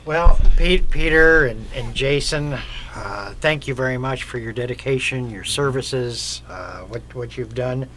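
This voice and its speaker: Male show host, slow and hesitant delivery. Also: medium pitch, bright, forceful tone, a little hiss or hum. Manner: hesitant, halting, many restarts. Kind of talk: casual chat.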